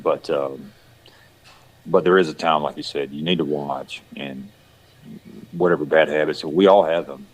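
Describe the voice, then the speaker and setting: A man's voice: very deep voice, fairly even intonation, measured pace, pauses often, poor audio. A man with a Southern country accent, rambling in a casual chat with many restarts and fillers. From rural Georgia, west of Atlanta. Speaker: actor guest.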